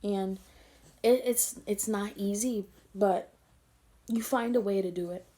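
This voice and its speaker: A woman's voice: medium pitch, slow, dark tone. A young woman vlogger telling an emotional story, tender and rambling, teary-eyed as she talks.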